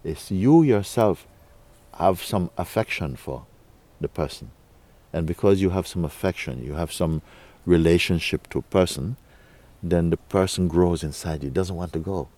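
A man with a low voice leads a spiritual talk for a gathering. His tone is dark and mellow. He speaks slowly and coaxingly, with soft chuckles and frequent checks of "you see?". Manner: unhurried, coaxing, often asks "you see?". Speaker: spiritual teacher.

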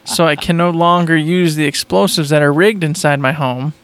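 Playful joking man, fairly high voice. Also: steady tone, moderate pace, fairly bright tone, smooth. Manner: playful, joking, laughs often. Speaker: podcast co-host. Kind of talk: casual chat.

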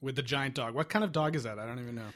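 A man's voice: mid-range voice, very fast, a bit bright. A man in a casual film chat, skeptical and arguing back with a laugh.

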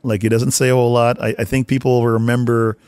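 A man telling casual stories about working in hockey, acting out shouted quotes as he goes. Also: medium pitch, fast, clean tone, no echo, clean studio sound. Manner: animated storyteller, acts out shouted quotes. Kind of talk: casual anecdotal storytelling.

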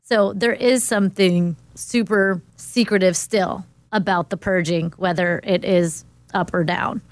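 A woman's voice: on the low side, fairly even intonation, unhurried, no echo. A woman in casual conversation, speaking in an encouraging, supportive way. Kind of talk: casual chat.

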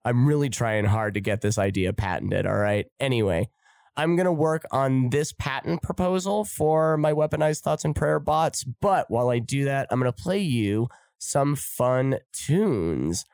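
A man's voice: mid-range voice, lively intonation, measured pace, darkish tone, no room sound. A man hosting a podcast, delivering a sarcastic, flippant, profane comedic monologue. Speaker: podcast host.

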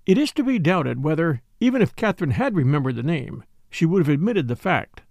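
Expressive male storyteller, dry sound. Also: a little high, a little fast, gravelly, few pauses, dry recording. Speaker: audiobook narrator. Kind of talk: scripted narration.

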